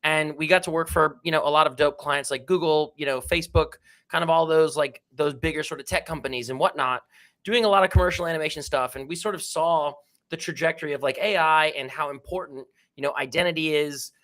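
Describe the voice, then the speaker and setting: Upbeat man, bright slangy chat. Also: a little high, steady tone, a little fast. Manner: enthusiastic, slangy, lots of "like" and "dude". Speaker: guest, NFT collection co-founder. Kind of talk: casual livestream chat. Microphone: remote call microphone.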